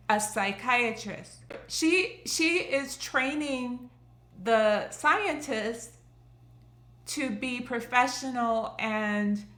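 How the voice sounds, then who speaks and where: A woman recapping a show in casual narration, animated and acting out the characters' lines. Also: medium pitch. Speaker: recap host. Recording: roomy echo.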